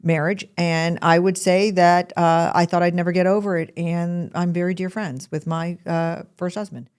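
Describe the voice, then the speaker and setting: A middle-aged woman hosts a podcast in a casual, conversational way. Her voice sits a little low, and she talks in an animated rush, often dropping one thought to start the next. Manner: animated and chatty, breaks off mid-sentence. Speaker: podcast host. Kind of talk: casual chat.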